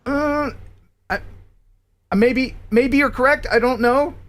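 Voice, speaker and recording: A man's voice: extremely high pitch, takes it slowly. An American man hosting a live-stream quiz, laughing and chatty as he reads out words. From United States. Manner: lively, laughing quizmaster. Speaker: host.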